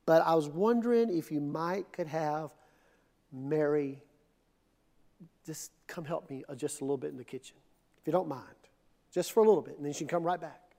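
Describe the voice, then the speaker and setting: A man's voice: fairly high pitch, normal speed, pauses often, mellow, long reverb tail, pitched below the performer's own voice, natural voice. Man putting on a frazzled, overworked hostess. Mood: timid. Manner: mimicking a woman's voice, exaggerated.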